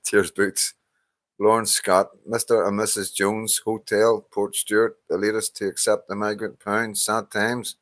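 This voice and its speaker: A Northern Irish man in his fifties hosts a casual live stream, sounding tired as he chats, laughs and swears. His voice sits fairly low. The sound is close and dry, with no room echo. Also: flat delivery, measured pace, a bit bright. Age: 50s. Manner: chatty, swears, laughs often, reads out names. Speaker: livestream host. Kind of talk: casual live-stream chat greeting viewers.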